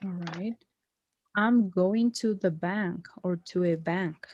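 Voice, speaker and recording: A woman teaching English one-on-one, speaking patiently and correcting her student gently. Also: fairly low pitch, slow pace, no room sound, highs cut off. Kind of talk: one-on-one online English lesson.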